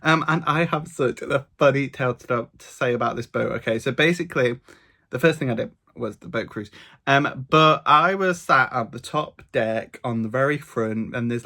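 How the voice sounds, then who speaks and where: A man telling a travel story straight to his camera in a chatty, gossipy vlog style. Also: medium pitch. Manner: chatty, gossipy, animated storytelling, many fillers. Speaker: travel vlogger. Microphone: camera mic, talking to camera.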